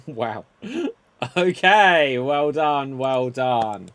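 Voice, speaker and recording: A man hosting an improv comedy show, setting up scenes in a brisk, laughing way. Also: medium pitch, lively intonation, a bit bright.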